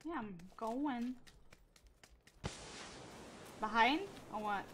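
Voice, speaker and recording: A woman with a Swedish accent chatting excitably while streaming a battle royale game, laughing and swearing. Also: a little high, drawn-out words, slight background noise. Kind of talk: casual gaming chat.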